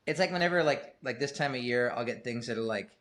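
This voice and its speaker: A man's voice: mid-range voice, fast, a bit bright. A middle-aged man talking as a guest on a podcast, rambling and self-deprecating, swearing casually. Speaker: guest musician.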